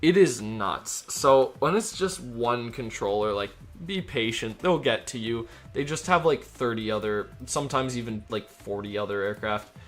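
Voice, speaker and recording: A man streaming a flight game, chatting loosely with lots of fillers and switching into crisp radio phraseology as a tower controller. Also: medium pitch, normal speed, fairly bright tone. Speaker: streamer and virtual air traffic controller. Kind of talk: casual live-stream chat.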